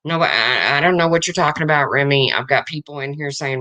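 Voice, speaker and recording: Fairly quick and pushed, with a bright, mid-range voice, a livestream host in their fifties answers viewers in the chat casually, staying blunt and frank and repeating points.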